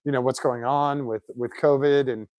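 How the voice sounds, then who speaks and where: Man, mid pitch, casual garage storyteller, animated, close dry sound. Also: normal speed, no room sound. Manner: chatty, animated anecdotes with put-on quotes. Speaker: shop owner, car builder. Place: home garage shop.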